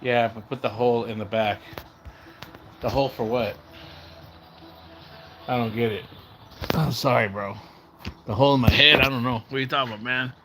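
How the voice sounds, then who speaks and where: A man hosting a loose, rambling livestream and chatting straight to his viewers. His voice is bright and forceful, and he mixes Spanish words into his talk. Now and then he breaks into excited whoops. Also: medium pitch, moderate pace, pauses often, slight background noise. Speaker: livestream host. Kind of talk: casual livestream chat with viewers.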